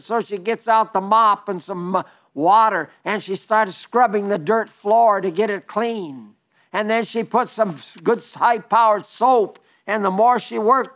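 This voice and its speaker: A man's voice: sits high, a bit bright. An older man preaching an earnest sermon, often repeating words for emphasis.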